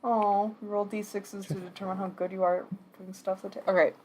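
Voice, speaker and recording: A woman's voice: medium pitch, little pitch movement, a little fast, darkish tone, a little hiss or hum. Chatty woman with a Wisconsin accent. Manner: chatty, laughs often, playful. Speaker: stream host. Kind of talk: casual chat on a livestream.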